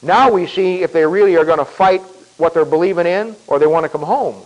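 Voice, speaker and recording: A man preaching a sermon in a folksy, emphatic way, repeating himself and clearing his throat often. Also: on the high side, fairly quick, low-quality recording.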